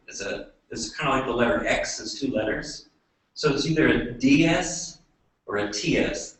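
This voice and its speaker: A man giving a classroom lecture, talking haltingly with many fillers and restarts. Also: mid-range voice, a bit bright. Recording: echoey room, voice from far off.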